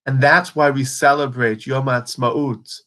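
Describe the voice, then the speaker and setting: Man, medium pitch, earnest teacher, retells stories with lively quoted lines. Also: a little slow. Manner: earnest, storytelling, dramatizes quotes. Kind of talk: holiday teaching talk.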